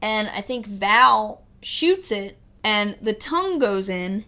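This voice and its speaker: A woman's voice: medium pitch, animated, takes it slowly, pushed and bright. A woman co-hosting a podcast, chatting casually about a movie and retelling its plot with laughs and swearing. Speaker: podcast co-host. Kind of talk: casual movie review chat.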